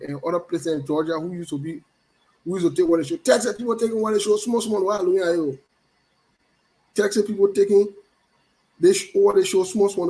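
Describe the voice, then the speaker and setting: A man's voice: sits high, a little mellow, poor audio. A middle-aged man hosts a casual live stream, greeting viewers by name in a playful, teasing way and repeating his phrases. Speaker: show host.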